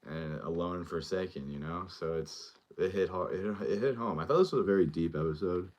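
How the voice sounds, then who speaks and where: A man's voice: low voice, a little fast, a little mellow, lo-fi sound. A male show host giving a casual, rambling recap and review of a TV episode, full of fillers as he retells scenes.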